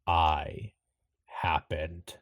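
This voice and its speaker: A deep, rumbling cosmic entity speaks in slow, ominous pronouncements, as a man puts it on in a tabletop game. The voice sits very low and lingers on each word. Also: flat delivery, fairly bright tone, no room sound, clean studio sound, heavily acted.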